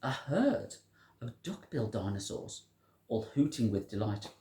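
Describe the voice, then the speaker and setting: Animated sing-song storyteller. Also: medium pitch, a little slow. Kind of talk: picture-book read-aloud to a child. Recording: roomy echo.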